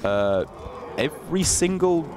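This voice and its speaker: A man commentating a live game, working through the plays aloud and breaking into excitement at the big moments. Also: fairly high pitch, slow. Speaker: esports commentator.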